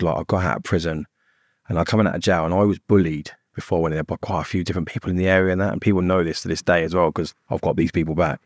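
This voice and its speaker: Podcast guest: middle-aged man, low and husky, rapid rambling delivery, dry close sound. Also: a little mellow, dry recording. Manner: blunt, swearing, rambling with many "like"s. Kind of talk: casual storytelling.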